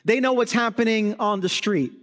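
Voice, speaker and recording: A man's voice: sits high, normal speed, a bit bright, big-room sound. A man preaching a sermon as pastor, emphatic and full of rhetorical questions.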